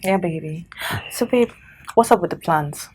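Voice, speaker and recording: A two-faced scheming friend. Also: female voice, on the low side, measured pace, darkish tone, breathy edge. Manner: coaxing, ends lines with 'eh?'. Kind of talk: film drama acting.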